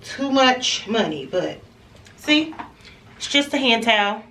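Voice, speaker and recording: A woman's voice: a little high, very animated, slow pace, bright, forceful tone, slight background noise. A woman vlogging casually at home, chatting straight to her viewers as she shows what she has bought. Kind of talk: casual vlog chat. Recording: echoey room, camera at a distance.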